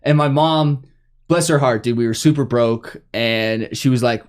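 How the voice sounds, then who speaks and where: A man's voice: medium pitch, fairly even intonation, normal speed. A young man, hosting a podcast and telling stories in a casual, filler-heavy way. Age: young adult. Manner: storytelling with lots of fillers. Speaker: podcast host. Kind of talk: casual chat.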